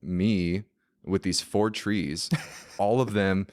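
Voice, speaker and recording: Low-voiced man telling a story. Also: slow pace. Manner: animated, many fillers like "like". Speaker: podcast guest. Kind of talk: casual storytelling.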